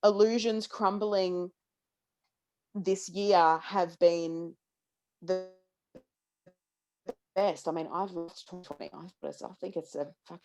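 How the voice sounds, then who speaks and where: A woman in her thirties, a podcast co-host, talking in a lively, casual way with lots of restarts and the odd swear word. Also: on the low side, slow, long pauses, faint music behind. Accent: Australian. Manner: animated, swearing, many restarts. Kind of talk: casual astrology chat.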